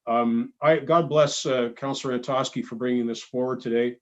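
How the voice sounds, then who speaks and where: A Canadian man speaking as a city councillor at a council meeting, halting and blunt, with many fillers and restarts. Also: mid-range voice, steady tone. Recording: dull lo-fi meeting audio.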